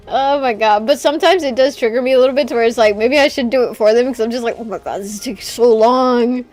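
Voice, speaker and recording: A woman's voice: fairly high pitch, quick pace, hardly any pauses, a little mellow, soft background music. A woman streamer chatting casually while gaming, ranting with swearing and laughs.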